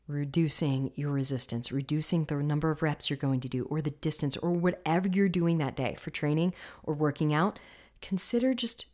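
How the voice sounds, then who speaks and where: Woman, podcast host, coach, low voice, passionate, curses casually, whispers at times. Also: mellow. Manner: passionate, swears freely, drops into whispers.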